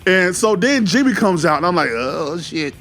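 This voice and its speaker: A man with a slightly high voice talks through a wrestling show in an excitable, rambling way, dropping slang and fillers. Faint music plays behind him. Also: fairly quick. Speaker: wrestling commentary YouTuber. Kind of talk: casual solo review chat.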